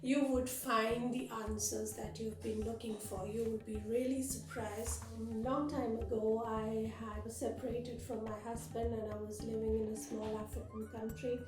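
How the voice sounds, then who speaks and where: A woman yoga teacher speaking earnestly to her channel viewers, telling a personal story with gentle emotion. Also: fairly high pitch, level tone, moderate pace, few pauses, music in the background. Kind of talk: spiritual talk to camera. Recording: roomy echo, voice from a distance.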